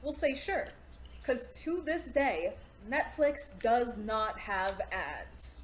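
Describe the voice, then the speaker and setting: A woman co-hosting a podcast in casual chat, enthusiastic with quick asides. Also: fairly high pitch, big pitch swings, slight background noise. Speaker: podcast co-host.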